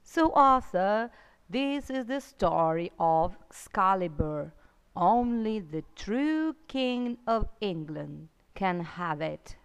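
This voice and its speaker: A woman's voice: mid-range voice, animated, slow, smooth, pitched below the performer's own voice. A woman voicing a doddering, hard-of-hearing old male magician who mishears words, in a children's storybook reading. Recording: long reverb.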